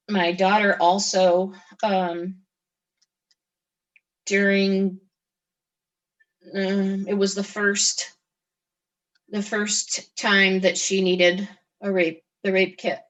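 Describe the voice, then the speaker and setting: Halting middle-aged woman giving testimony. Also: fairly low pitch, low-quality recording. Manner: halting, with frequent restarts and pauses. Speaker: interview guest. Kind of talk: personal testimony in conversation.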